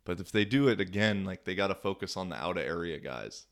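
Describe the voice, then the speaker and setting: A man's voice: low voice, expressive, fast talker. A young man hosting a podcast, telling stories in a casual, slangy way with lots of filler words. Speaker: podcast host. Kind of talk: casual storytelling monologue.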